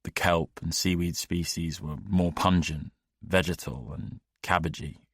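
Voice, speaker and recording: Low-voiced man narrating an audiobook. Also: steady tone, a little slow, gravelly, slightly rough, no echo, clean studio sound.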